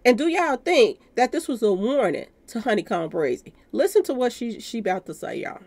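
Animated woman hosting a gossip channel. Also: fairly high pitch, fairly quick. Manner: talks straight to viewers, calling them y'all. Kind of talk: commentary on a news clip.

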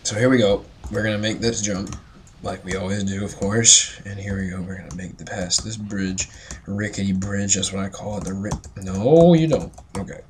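Tipsy low-voiced man narrating a game. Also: normal speed, slight background noise. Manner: profane, rambling, joking asides. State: drunk. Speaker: let's play gamer. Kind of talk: casual gameplay commentary.

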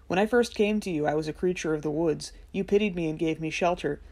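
A woman reading a soft-spoken, resolved young heroine. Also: fairly low pitch, quick pace, natural voice. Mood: soft resolve. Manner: soft, sad, firm.

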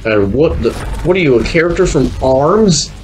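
A man's voice: fairly high pitch, expressive, normal speed, a little hiss or hum, low-quality recording. A young man casually commenting on his video game playthrough, rambling and joking with lots of "like". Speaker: gaming video host.

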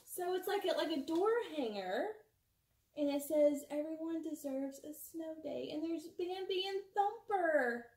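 Gushing excitable woman unboxing gifts. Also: high voice, a little slow. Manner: gushing and excitable, gasps and laughs often. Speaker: unboxing vlogger. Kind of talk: casual unboxing chat.

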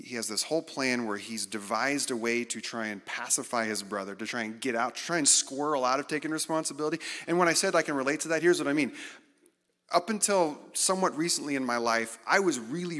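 Man preaching in a reverberant hall. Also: medium pitch. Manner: animated, self-deprecating, acts out quotes. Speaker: guest speaker. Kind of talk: conversational sermon.

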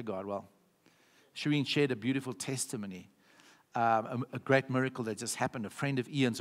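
A man's voice: mid-range voice, a bit bright. A man with a South African accent preaching a sermon as pastor, with emphatic repetitions, often checking in with the congregation. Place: church hall. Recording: reverberant church hall.

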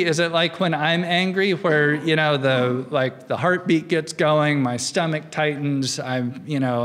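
A middle-aged man giving a university philosophy lecture in a conversational way, often checking in with the audience with "right?" between thoughts. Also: on the high side. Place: lecture hall. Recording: long reverb of a lecture hall.

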